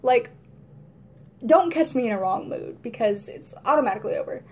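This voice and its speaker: A woman's voice: on the high side, animated, moderate pace, darkish tone, husky. A woman vlogging at home in casual chat to camera, rambling, laughing often and acting out moods in quoted voices.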